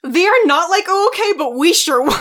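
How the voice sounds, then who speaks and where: High-voiced young woman, wry and profane. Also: sing-song, pushed and bright. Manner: wry, profane, quick to laugh. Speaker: podcast co-host. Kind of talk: casual chat recapping a film.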